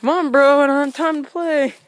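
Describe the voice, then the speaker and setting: High-voiced woman scolding dogs outdoors. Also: steady tone, a little fast, dry recording. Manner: profane, blunt, playful scolding. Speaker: vlogger. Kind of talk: casual vlog, talking to dogs. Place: outdoor yard at home.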